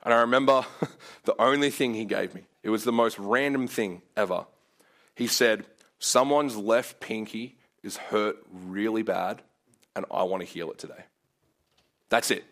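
A young man preaching a sermon, telling a story casually with lots of filler words and growing animated as he acts out his own prayers. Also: fairly low pitch, unhurried.

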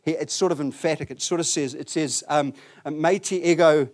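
A man delivers a sermon in an animated storytelling way, his slightly high voice climbing and dropping as he plays out the people in the story. He talks to the congregation directly and acts out the scene. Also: moderate pace. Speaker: preacher.

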